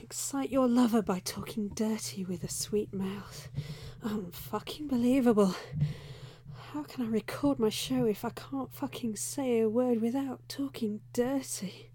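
A woman playing a flustered young undercover reporter in a whispered role-play, breathy and frantic, who keeps scolding herself and blurting curses. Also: fairly high pitch, a little slow, dark tone.

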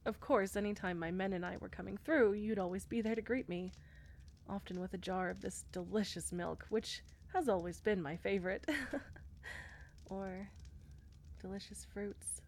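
A woman voicing a shy, war-weary female knight commander in an audio role-play, speaking hesitantly with soft fillers. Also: medium pitch, fairly even intonation, moderate pace, creaky, slight background noise, lightly acted. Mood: shy, tender.

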